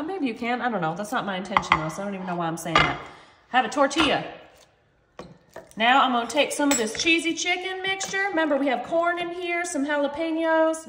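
A woman's voice: high voice, a bit bright. A woman chatting playfully through a home cooking demonstration, talking to viewers as y'all. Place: home kitchen. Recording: echoey kitchen with faint noise.

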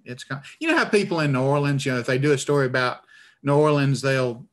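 A man's voice: mid-range voice, expressive, fast talker, a bit bright. A man with a northern Alabama accent, an author in a video-call interview, talking in a rambling, stammering, self-deprecating way. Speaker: author guest. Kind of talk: conversational interview.

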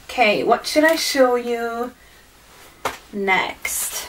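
A woman chatting casually at home while unboxing a gift package. She gushes excitedly and fills her talk with fillers and apologies. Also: on the high side, slow, background noise. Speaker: vlogger opening a gift swap package. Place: at home indoors, in the evening.

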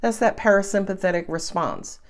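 Woman, tarot reader, casual reading, lively, chatty, playful. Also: mid-range voice, moderate pace.

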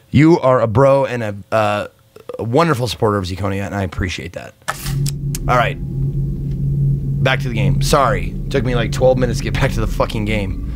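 A man's voice: mid-range voice, no echo. A man streaming a game live, rambling and chatty, thanking viewers and swearing freely. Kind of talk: casual live-stream chat.

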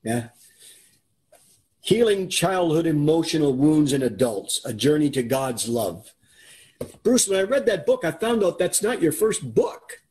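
A man's voice: on the high side, very animated, unhurried, a little mellow. A man hosting and introducing a video call interview, speaking earnestly and often repeating himself. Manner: earnest, repeats words while he talks. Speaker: interviewer, host. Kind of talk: casual talk to viewers and interview.

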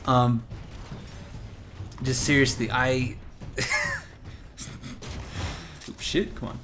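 A young gaming commentator speaks extremely slowly in a level, mid-range voice, rambling through a story as he plays, swearing and laughing frequently. The background is noisy, with game sounds and music.

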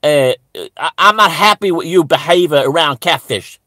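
A man's voice: on the high side, normal speed, bright, forceful tone, dry recording, clean studio sound. A man doing a stern, lecturing pastor. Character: stern male pastor, lecturing an old friend.

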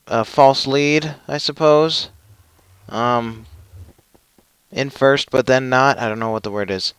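A man's voice: medium pitch, slow pace, a bit bright, smooth, dry recording. A young man commentating his own gameplay, with frustrated, self-mocking outbursts. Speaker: gaming channel host.

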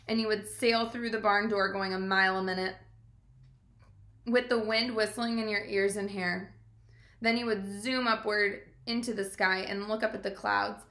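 A woman reads a children's book aloud in a calm, measured way. Her voice is bright and clear. The recording has the echo of a reflective room. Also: medium pitch. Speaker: reader.

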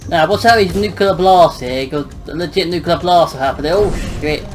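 Brief: young gamer, joky running commentary, slightly high voice. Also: male voice, normal speed, soft background music, low-quality recording. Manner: joking, muttering and swearing at the game. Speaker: gameplay commentator. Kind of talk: casual let's-play commentary.

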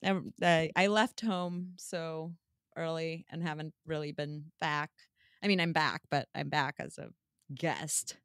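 A woman hosting a podcast in casual chat, relaxed and quick to laugh. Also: sits low, clean tone, no room sound, studio quality. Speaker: podcast host and CEO.

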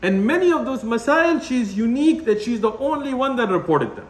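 A man with a very high, lively voice delivers an impassioned religious lecture. He is blunt and animated, laughing through his rants and scattering Arabic terms through his English. The room around him rings with echo. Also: a little fast. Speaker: Islamic lecturer. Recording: echoey room.

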